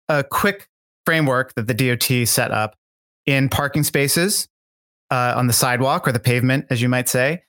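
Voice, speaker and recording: A male guest talks in a loose, conversational way, circling his points with plenty of ums and restarts. His voice sits at an ordinary middle pitch for a man. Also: fairly bright tone. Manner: rambling and thoughtful, many fillers and restarts. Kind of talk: casual interview talk.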